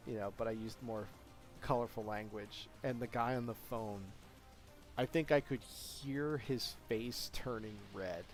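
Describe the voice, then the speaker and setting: This young live streamer has a medium-pitched voice and talks a little slowly over soft background music. His casual chat wanders through long stories, loaded with filler words and outbursts of laughter.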